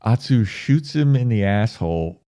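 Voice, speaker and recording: A man's voice: lowish voice, lively intonation, normal speed, warm tone, clear, resonant tone, dry recording. A man co-hosting a podcast, retelling a film scene in casual, profane chat. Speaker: podcast co-host.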